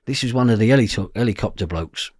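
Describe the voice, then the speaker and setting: Husky Cockney man telling a story. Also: lowish voice, quick pace, no room sound, studio quality. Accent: London Cockney. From East London, England. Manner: animated, acts out voices in quotes, swears. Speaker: interview guest. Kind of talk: storytelling in an interview.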